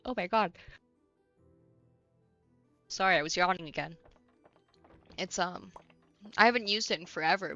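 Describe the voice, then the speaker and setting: A young American woman streams a game, chatting casually and ranting bluntly with plenty of swearing. Her voice is lowish and a bit bright, though the audio is dull.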